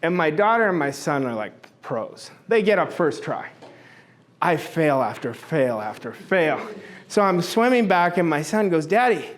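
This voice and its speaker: A man's voice: a little high, big pitch swings, a little slow. A middle-aged man giving a motivational talk to an audience, emphatic and blunt, repeating his points and swearing now and then. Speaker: motivational speaker.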